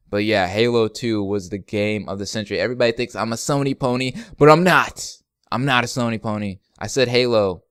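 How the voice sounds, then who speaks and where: A young man chats through fan questions in a loose, joking way, laughing often as he goes. His voice sounds smooth and clear, recorded close with a dry, dead sound. He rambles easily from one answer to the next. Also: on the low side, no echo. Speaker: YouTube gaming channel host. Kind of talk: casual Q&A vlog.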